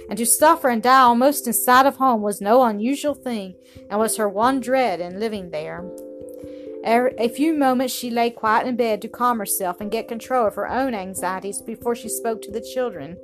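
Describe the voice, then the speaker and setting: A woman reading a children's story aloud in a gentle manner, with small slips and restarts. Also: on the high side, moderate pace, music in the background.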